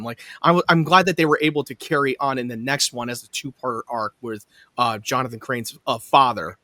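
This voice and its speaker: A man's voice: medium pitch, a little fast, bright, forceful tone, dry recording. A man hosting a casual podcast who reads episode summaries, stumbling and restarting over words. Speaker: podcast host.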